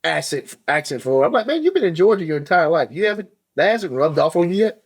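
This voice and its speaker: A man hosting a podcast, relaxed and chatty in casual conversation, laughing along with his guest. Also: fairly high pitch, fast talker, husky. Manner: laid-back, laughs along. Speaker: podcast host.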